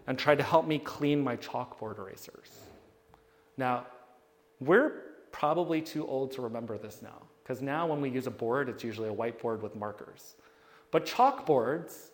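Man telling stories in a reverberant hall. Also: fairly high pitch. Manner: animated, acts out the people in his stories. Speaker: speaker addressing an audience. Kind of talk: storytelling talk to a live audience.

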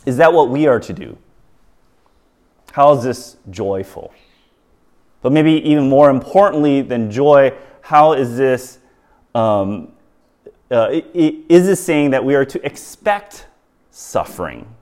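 A man preaching a sermon, halting, with many fillers and restarts and rhetorical questions to the audience. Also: mid-range voice, expressive, darkish tone.

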